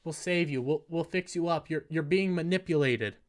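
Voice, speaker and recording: A man's voice: a little high, moderate pace, natural voice. A man voicing a desperate young male fighter who pleads and stammers, reading the lines out in a review. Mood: pleading.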